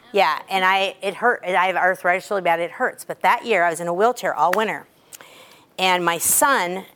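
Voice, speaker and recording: A woman in her sixties, a cheer coach giving a talk to a group, telling stories in a chatty, animated way. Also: on the low side.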